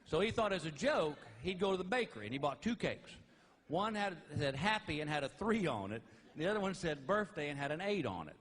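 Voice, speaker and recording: A middle-aged man doing live stand-up comedy on stage, telling stories and landing each punchline slowly and loudly. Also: on the high side, very animated, big-room sound. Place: large theater with audience. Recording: live stage recording with crowd laughter and noise. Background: audience laughing.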